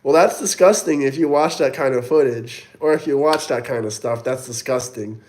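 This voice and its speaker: With a medium-pitched, darkish voice at normal speed, the man runs a casual livestream, taunting commenters as he reads their super chats. He coughs occasionally and seems sweaty. There is slight background noise.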